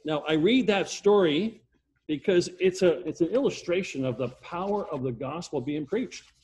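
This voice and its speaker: Older male preacher, slightly high voice, emphatic and repetitive, with swings from loud to hushed. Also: animated, normal speed. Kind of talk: sermon storytelling.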